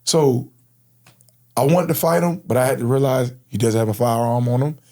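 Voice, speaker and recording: A man's voice: mid-range voice, fairly even intonation, moderate pace, warm tone. A man in his thirties from Florida, recounting his past as an interview guest in casual, slang-filled, earnest speech. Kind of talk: personal storytelling in interview.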